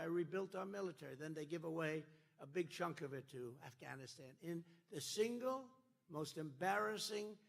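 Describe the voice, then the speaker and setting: Gravelly man giving a rally speech. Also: fairly high pitch. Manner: repetitive, emphatic, swings between loud declarations and quiet asides. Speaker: political candidate.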